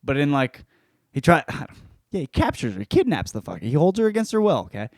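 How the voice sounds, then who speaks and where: A man's voice: on the high side, big pitch swings, fairly quick, no room sound. Male host, loose profane comic book-review delivery, dry close sound. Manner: profane, rambling.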